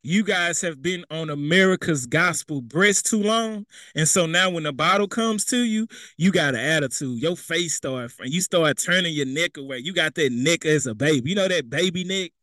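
A young man preaches a sermon in a plain, conversational way, slipping into casual street phrasing and acting out what people say. His voice is fairly high, pushed and bright, at a moderate pace with barely any pauses, on a dry recording.

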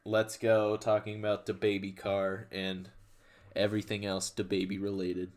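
A man's voice: on the low side, monotone, normal speed, a little mellow. Laid-back slangy young man. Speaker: podcast co-host. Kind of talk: casual chat.

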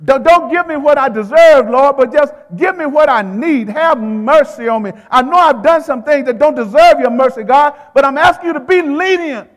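A preacher voicing a desperate blind beggar. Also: male voice, very high-pitched, expressive, moderate pace, hardly any pauses, in a large hall. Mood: pleading. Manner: urgent, pleading cries. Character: desperate blind male beggar pleading for mercy.

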